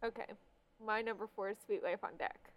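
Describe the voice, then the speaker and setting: A woman's voice: medium pitch, fairly even intonation, brisk, dull audio. A young woman in casual chat, easygoing and agreeable, with many "like" fillers.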